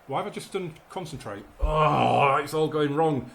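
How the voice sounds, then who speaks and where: A man's voice: on the high side, normal speed, creaky. A man doing live commentary as he plays a football management game, calling the action and fretting about results. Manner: excitable, commentates like a match caller, frets aloud. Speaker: gaming YouTuber playing a football management game.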